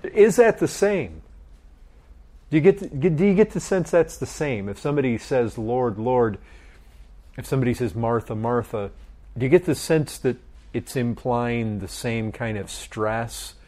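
A man's voice: mid-range voice, animated, darkish tone. A middle-aged man leading a group Bible study, asking questions and often repeating his words. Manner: slow, questioning, repeats phrases.

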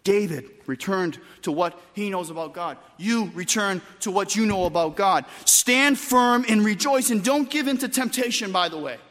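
A man preaching a sermon with emphatic delivery, moving between loud bursts and quiet, soft passages. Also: sits high, animated, normal speed, few pauses, in a large hall. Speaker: pastor.

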